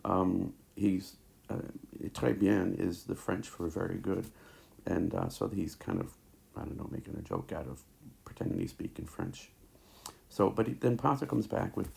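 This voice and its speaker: A man teaching a recorded lecture over slides, talking haltingly with many fillers and restarts, into a tablet mic. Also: sits low, animated, gravelly, darkish tone.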